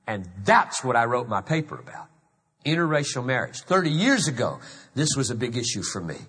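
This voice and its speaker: A man's voice: mid-range voice, very animated, fairly quick, a bit bright, breathy edge. A man in his fifties from South Carolina, preaching a sermon as a pastor, earnest and emphatic, often repeating himself for weight. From South Carolina, USA. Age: 50s. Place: large church hall. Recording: long hall reverb.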